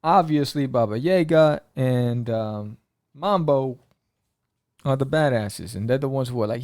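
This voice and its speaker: A man hosting a podcast, rambling excitedly through a comic book review with lots of fillers. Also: mid-range voice, a little slow, dry recording, studio quality.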